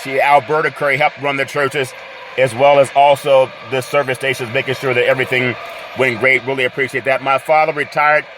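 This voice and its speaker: A man hosting a solo sports podcast, talking in a loud hype-man style full of catchphrases and his own laughter. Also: mid-range voice, level tone, a little fast. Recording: loud street and car noise behind.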